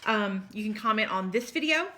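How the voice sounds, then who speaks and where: A woman's voice: mid-range voice, animated, normal speed, sharp tone, a little hiss or hum. A woman from South Texas with a Texan accent, chatting casually with viewers in a rambling, apologetic way while tired and yawning. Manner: rambling, chatty, apologetic, says y'all often. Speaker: cross-stitch vlogger.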